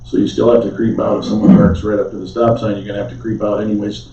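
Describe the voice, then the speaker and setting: A man's voice: lowish voice, flat delivery, fast talker, dark tone, slight background noise. A man at a city council meeting, questioning a proposal in a skeptical way and stumbling over his words as he thinks. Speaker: council member. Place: council chamber. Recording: far-off mic, echoey chamber, dull sound.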